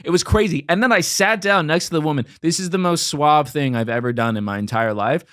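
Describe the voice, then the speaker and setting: A man's voice: fairly high pitch, brisk, fairly bright tone, clear, resonant tone, dry recording, studio quality. Rambling, slangy man from Los Angeles. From Los Angeles, USA. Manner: rambling, slangy, lots of "like" and "dude". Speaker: guest comedian. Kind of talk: casual storytelling chat.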